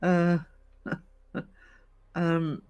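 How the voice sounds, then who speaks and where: A man on a casual live stream, chatty and teasing, greeting viewers by name and laughing often, talking from a gym while low on energy. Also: completely flat delivery, extremely slow, darkish tone, clean tone, highs cut off, soft background music.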